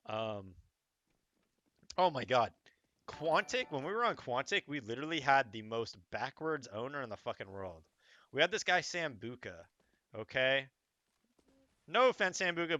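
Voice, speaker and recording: A young male streamer tells a rowdy story packed with profanity, his pitch lively and bouncing, his voice bright and forceful. He rambles casually, often tossing in "okay?" asides to the listener. The dry, slightly dull sound suggests a close home mic.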